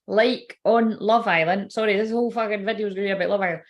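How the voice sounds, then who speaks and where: A woman's voice: medium pitch, steady tone, quick pace. A woman giving a casual, rambling livestream tarot reading, swearing freely and feeling unwell and tired. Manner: chatty, swearing, rambling asides. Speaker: tarot card reader.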